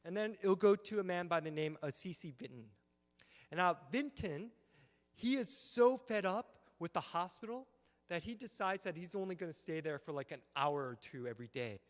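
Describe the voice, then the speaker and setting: A man giving an animated history lecture at a symposium, telling the story with acted-out quotes and frequent check-ins with the audience. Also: high voice, moderate pace. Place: church hall. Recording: long reverb of a church hall.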